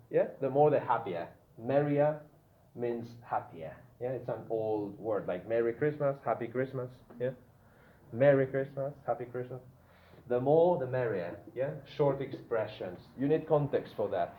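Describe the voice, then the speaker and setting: A man's voice: mid-range voice, expressive, unhurried. A man teaching a grammar lesson to a classroom, often checking in with the students with "yeah?". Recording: echoey room, tinny phone-like sound, faint noise.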